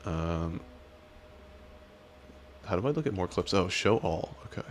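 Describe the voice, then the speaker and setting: A man's voice: low voice, animated, measured pace. A man streaming, chatting casually as he reacts to clips, with a teasing, crude, mock-menacing manner.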